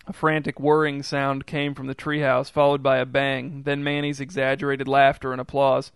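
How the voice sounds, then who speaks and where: A man reading a story aloud in an even, measured way. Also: mid-range voice, vocal fry, clear, resonant tone, no echo. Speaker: narrator.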